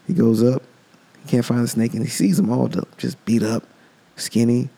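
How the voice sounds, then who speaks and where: Gravelly, dark-voiced man. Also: medium pitch, fairly quick. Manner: rambling, loose, cursing. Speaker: podcast host. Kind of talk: casual solo monologue.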